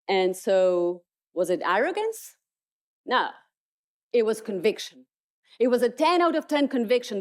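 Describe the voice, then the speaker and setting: A woman motivational speaker telling stories emphatically in a keynote. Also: a little high. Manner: storytelling, emphatic. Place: conference stage.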